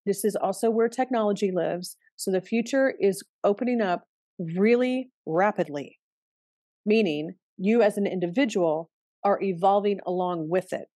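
A middle-aged woman astrologer talks in a candid, loose conversational way and swears casually. The voice sits at an ordinary pitch, and the recording is dry and close with little room sound. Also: normal speed, warm tone, no echo. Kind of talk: casual spoken astrology talk.

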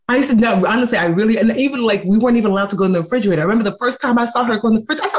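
A woman in her thirties talking casually as a guest, lively and expressive, slipping into other people's voices as she tells stories. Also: rapid-fire, few pauses. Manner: animated storyteller, acting out quoted voices with big pitch jumps. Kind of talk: casual conversation.

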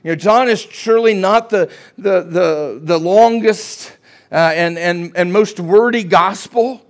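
High-voiced preaching pastor. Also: male voice, unhurried. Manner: preachy, keeps asking "Amen?"; rises to shouting at climaxes. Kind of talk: sermon.

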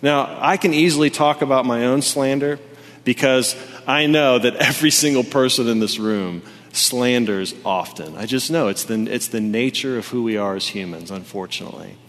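Animated pastor in a reverberant hall. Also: male voice, medium pitch, normal speed. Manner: animated storytelling, casual with many fillers. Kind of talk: sermon with personal story. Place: church hall with congregation. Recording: long reverb from a large hall.

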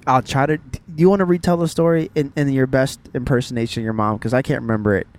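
A man in an easygoing podcast chat with a middle-pitched, ordinary voice. He tells stories animatedly and laughs often, acting out little bits of dialogue as he goes. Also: fast talker. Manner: animated storyteller who laughs a lot. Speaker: podcast co-host. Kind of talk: casual chat.

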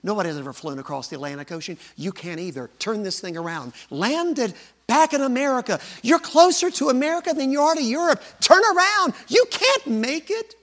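A man's voice: a little high, quick pace, few pauses. A man voicing a nagging male inner voice of doubt that keeps taunting and urging a pilot to turn back. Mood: insistent. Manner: taunting, insistent.

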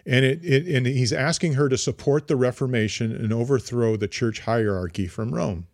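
A man's voice: mid-range voice, moderate pace, darkish tone, no echo. Male podcast co-host, chatty storyteller, frequent restarts, dry studio sound. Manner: rambling, many fillers and restarts. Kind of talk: casual history chat.

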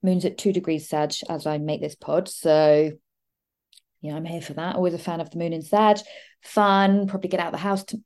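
Rambling woman, low mellow voice. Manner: fast, rambling and digressive, with frequent asides and laughs. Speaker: astrology podcast host. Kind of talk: casual solo podcast monologue.

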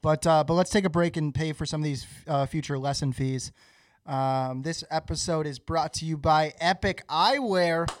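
A man hosting a podcast, reading sponsor spots in a relaxed, halting way with many fillers. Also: a little high, no room sound, studio quality. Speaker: podcast host. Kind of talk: casual podcast ad read.

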